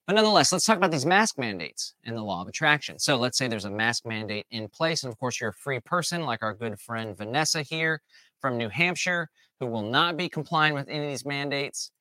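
A man hosting a motivational talk, animated and acting out imagined people's lines. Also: medium pitch, fairly quick, no room sound. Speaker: host.

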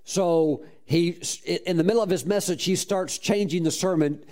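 Animated man preaching a story sermon. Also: sits high, moderate pace. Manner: animated, laughs and whoops between stories.

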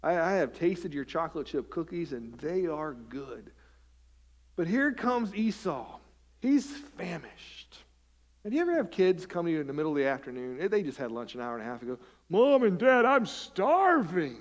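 A man, the pastor, preaching a sermon in church, animated, swinging between loud emphasis and hushed, quiet asides and asking rhetorical questions. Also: fairly high pitch. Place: church sanctuary.

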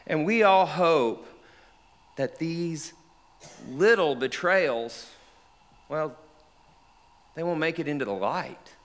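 An actor playing the apostle Peter, an earnest, remorseful fisherman, telling his story in the first person and swinging from hushed to shouted. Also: medium pitch. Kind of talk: dramatic monologue. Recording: long reverb of a large hall.

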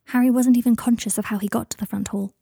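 A woman narrating a fan fiction story in a soft, low-key way that drops to whispers. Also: fairly even intonation, fast, vocal fry, slightly rough, dry recording, studio quality. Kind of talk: audiobook reading of fan fiction.

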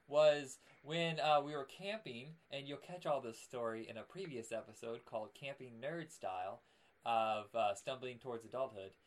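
A young man co-hosting a podcast, chatting casually and acting out his stories with loud outbursts. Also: medium pitch. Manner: animated storyteller, acts out scenes with loud outbursts. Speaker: podcast co-host. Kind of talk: casual chat.

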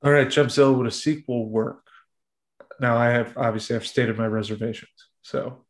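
A man hosting a casual podcast, steering the talk with measured questions. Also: medium pitch, steady tone. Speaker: podcast host.

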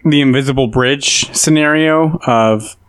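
A man's voice: medium pitch, unhurried, fairly bright tone, smooth, no room sound. A man co-hosting a podcast, chatting casually and jumping in eagerly. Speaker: podcast co-host. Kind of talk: casual chat.

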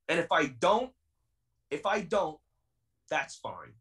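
A man's voice: fairly high pitch, sing-song, slow pace, long pauses, a bit bright, recorded from a distance, low-quality recording. A young man in his twenties, a pro wrestler being interviewed on a podcast, talking in a heated, defiant and intense way. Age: 20s.

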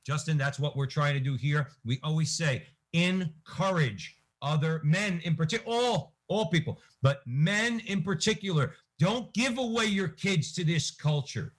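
A man's voice: on the high side, lively intonation, normal speed, hardly any pauses, husky. A man hosting a podcast, speaking earnestly and urging listeners to act. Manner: earnest, exhorting. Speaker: podcast host. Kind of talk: earnest interview talk.

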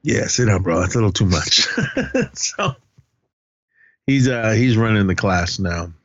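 A man's voice: fairly low pitch, measured pace, fairly bright tone, dull audio, a little hiss or hum. A man co-hosting a podcast, recapping a film's plot casually, rambling and correcting himself with lots of fillers. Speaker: podcast co-host.

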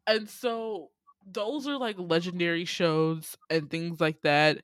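A woman's voice: lowish voice, takes it slowly, no echo, studio quality. A woman co-hosting a podcast, telling stories in loose, profane casual chat full of slang.

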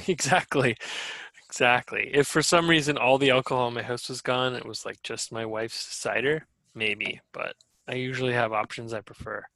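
A man co-hosting a casual podcast, with a bright, forceful tone. He tells stories animatedly, laughing often and swearing freely. The sound is dry and close, with no room echo. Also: medium pitch, steady tone, normal speed, gravelly. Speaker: podcast co-host. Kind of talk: casual chat.

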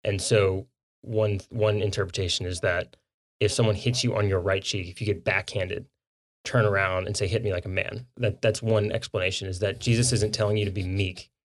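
Low-voiced man explaining plainly. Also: steady tone, moderate pace. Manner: explains plainly, affirming with frequent "yeah". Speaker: podcast co-host. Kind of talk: casual faith discussion.

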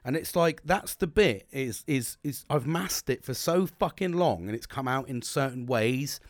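A man's voice: mid-range voice, expressive, moderate pace, dry recording, clean studio sound. Sweary, blunt man. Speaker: podcast host. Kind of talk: candid solo podcast monologue.

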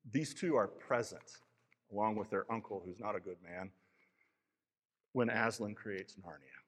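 A man preaches a sermon slowly and earnestly, at a mid-range pitch. His voice trails a long reverb through a large church hall. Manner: unhurried, earnest storytelling.

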